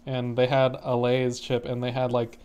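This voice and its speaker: A man casually telling a short story on a podcast, getting quieter as he goes. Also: mid-range voice, monotone, moderate pace, highs cut off, a crowd in the background. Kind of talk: casual chat.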